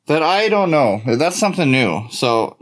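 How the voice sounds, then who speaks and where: A man's voice: a little high, sing-song, a little slow. A man co-hosting a casual live podcast, rambling and joking, swearing freely while hamming up a wrestler persona. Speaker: podcast co-host. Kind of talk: casual live-stream banter. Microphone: wearing a wrestling mask.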